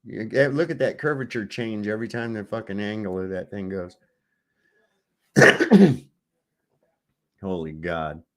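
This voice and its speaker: A man's voice: fairly low pitch, measured pace, long pauses, a bit bright. Sarcastic, cursing male video commentator. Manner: sarcastic, swearing, rambling. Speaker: host.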